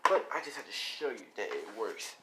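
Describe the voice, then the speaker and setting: A man voicing a teenage boy hero in a fan-made spoken story, in a low-key, quiet way close to his own voice. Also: big pitch swings, brisk, heavy background noise. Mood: calm. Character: teenage boy hero, calm, matter-of-fact.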